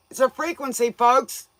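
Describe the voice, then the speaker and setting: A woman's voice: high-pitched, fairly bright tone, dry recording. A woman hosting a tarot livestream, chatting casually with viewers in a folksy, joking way, often laughing and playfully scolding them.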